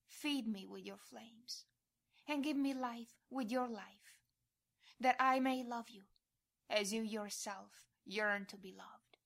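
A woman giving a devotional prayer reading in a hushed voice that often drops to a whisper. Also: on the high side, slow pace, vocal fry. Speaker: prayer reader.

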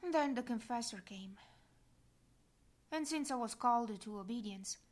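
Woman, devotional diary reading, solemn, measured, fairly high voice. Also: animated. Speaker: reader.

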